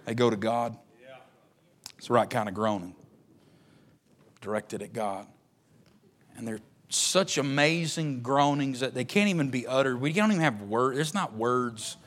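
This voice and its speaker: A man preaching a sermon in a folksy, joking way, swinging from low and soft to loud, high shouting.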